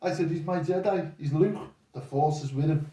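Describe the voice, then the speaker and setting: Older boxing coach telling stories. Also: male voice, a little high, normal speed, recorded from a distance. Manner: rambling, animated retelling with quoted voices. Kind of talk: casual storytelling chat. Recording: echoey room, voice off-mic.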